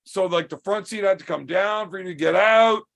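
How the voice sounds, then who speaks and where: A man hosting a podcast, telling a story in a casual, profane and animated way. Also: high voice, normal speed, gravelly. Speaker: podcast host.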